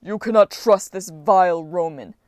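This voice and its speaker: A woman reading an audiobook voices a brutish male sea giant who shouts in slow, heavy outbursts. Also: medium pitch, dry recording, clean studio sound, lightly acted. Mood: bellowing.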